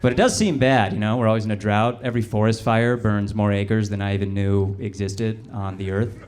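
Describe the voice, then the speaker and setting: A man doing a stand-up set, telling stories in a laid-back, deadpan way. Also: fairly low pitch, brisk, some chatter behind. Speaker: stand-up comedian. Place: comedy club stage. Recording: loud audience noise in a club. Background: audience laughter.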